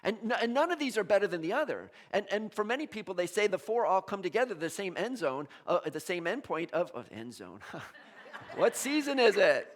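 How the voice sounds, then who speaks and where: Animated male pastor preaching. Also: sits high, fast talker, few pauses. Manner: animated, acts out quoted voices, jokes with the congregation. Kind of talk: sermon. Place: church.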